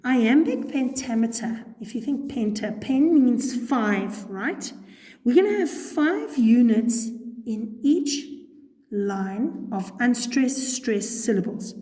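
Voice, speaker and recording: A woman's voice: fairly high pitch, very animated, takes it slowly, warm tone. A woman teacher patiently walking students through a poem step by step, checking in with frequent okays. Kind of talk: recorded poetry lesson. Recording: echoey room with long reverb.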